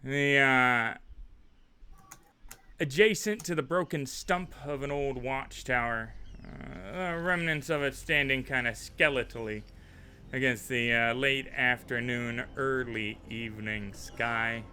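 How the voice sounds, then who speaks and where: Bright-voiced male game master narrating. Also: medium pitch, slow, slight background noise. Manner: relaxed, chatty narration with many fillers.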